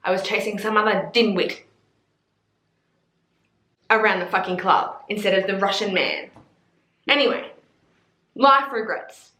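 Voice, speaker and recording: A woman's voice: medium pitch, unhurried, pauses often, bright, forceful tone, reverberant. A woman in her twenties with an Australian accent, chatting casually about books, gushing and swearing freely. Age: 20s. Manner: gushing and sweary, with playful swooning asides. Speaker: book vlogger. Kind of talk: casual chat.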